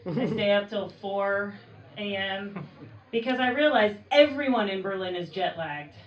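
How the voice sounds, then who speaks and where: A woman's voice: medium pitch, takes it slowly, pauses often, highs cut off, noisy background. Wry, swearing woman doing stand-up in a bar. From Oakland, California. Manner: conversational, wry, swears freely, acts out quoted voices. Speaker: stand-up comedian. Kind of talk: stand-up comedy set. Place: bar comedy show. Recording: roomy mic from far off, audience laughter.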